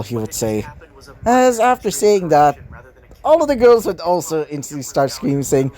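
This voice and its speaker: A man's voice: a little high, very animated, moderate pace, dark tone. A man casually narrating his own fan fiction, rambling and often correcting himself mid-sentence. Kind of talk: casual fan story reading.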